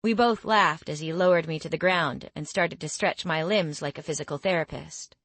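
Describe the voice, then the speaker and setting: A young woman reads a first-person fantasy audiobook with wry, expressive delivery. Her voice sits a little low for a woman, recorded close and very dry. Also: moderate pace, no echo. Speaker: audiobook narrator. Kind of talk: first-person scripted narration.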